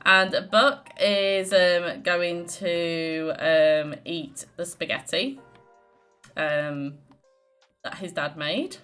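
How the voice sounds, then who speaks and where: Chatty woman, low voice. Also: very slow, fairly bright tone, clear, resonant tone. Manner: chatty, giggly, lots of fillers. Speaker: let's play host. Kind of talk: casual gameplay commentary. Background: faint game music.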